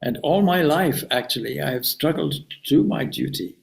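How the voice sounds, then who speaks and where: A man voicing a humble, dutiful ordinary woman in a read-aloud story, speaking gently and plainly. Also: a little high, lively intonation, normal speed, gravelly. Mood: calm.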